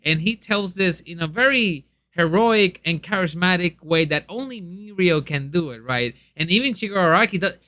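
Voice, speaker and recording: A man's voice: high voice, expressive, normal speed, few pauses, sharp tone, dry recording. A young man chatting casually and eagerly in a review, with lots of ums and restarts. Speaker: manga reviewer.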